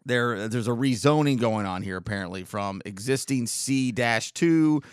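Male podcast host, forties, American, smooth resonant voice, sarcastic storyteller, dry close recording. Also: medium pitch, normal speed, no echo. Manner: rambling, wry and sarcastic. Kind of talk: casual solo monologue.

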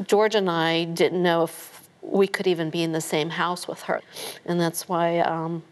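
A middle-aged woman being interviewed, telling her story in a halting way with frequent restarts. Her voice sits fairly low for a woman. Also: little pitch movement. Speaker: interview guest. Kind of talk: emotional recounting in a TV interview.

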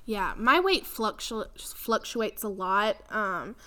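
A woman's voice: medium pitch, animated, slow pace, bright, forceful tone. A young woman, co-hosting a podcast in casual chat, rambling with lots of fillers and frequent laughter. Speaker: podcast co-host.

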